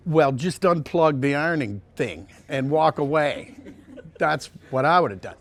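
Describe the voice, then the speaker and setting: A male voice actor telling casual anecdotes in an interview, rambling with many restarts and sliding into quick impressions. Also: on the high side, animated. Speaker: voice actor guest.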